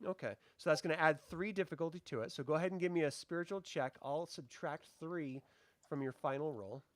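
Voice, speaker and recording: A man's voice: a little high, fairly quick, no echo. A man running a tabletop game as game master, explaining rules and narrating the action.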